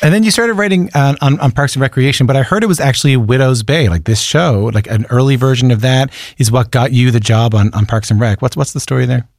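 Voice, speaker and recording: Quick-talking man interviewing, dry close sound. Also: medium pitch, no echo. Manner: quick questions with frequent restarts.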